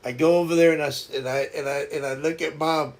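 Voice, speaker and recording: A man's voice: a little high, steady tone, quick pace. A man hosting a live stream, telling a casual story and laughing often.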